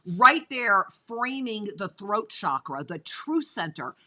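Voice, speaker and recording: A woman's voice: mid-range voice, sing-song, slow pace, bright, forceful tone. A woman hosting a spiritual talk radio show, enthusiastic and speaking straight to her listeners. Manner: enthusiastic, addresses listeners directly. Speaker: host.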